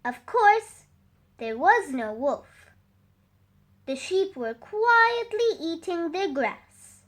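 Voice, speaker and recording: A woman reading a fable aloud for children in a slow, expressive, sing-song way. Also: extremely high pitch. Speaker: storyteller.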